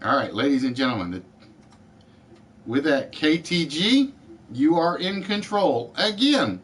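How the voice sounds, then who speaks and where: Male game show host for a live stream; a somewhat high voice, unhurried delivery, spells out letters one by one. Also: big pitch swings, fairly bright tone. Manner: deliberate, spells out letters and addresses players by name.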